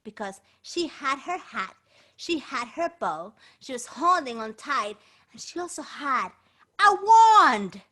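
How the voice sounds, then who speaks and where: A woman performing a children's story with lively, sing-song repetitions and dramatic gasps. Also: high-pitched, slow.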